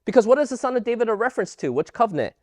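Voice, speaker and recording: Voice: medium pitch, very fast, no echo. A Bible teacher giving an emphatic lesson and firing rhetorical questions at the audience. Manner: animated, emphatic delivery.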